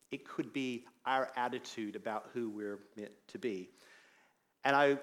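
Male pastor, middle-aged, lively storytelling sermon, mid-pitched voice. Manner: animated storyteller, acts out quoted voices. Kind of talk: sermon with personal anecdote.

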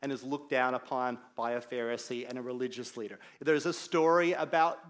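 A middle-aged man, a pastor preaching a sermon and telling stories in an animated way. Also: medium pitch, a little fast. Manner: animated storyteller, acts out quoted voices. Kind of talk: sermon with personal anecdote.

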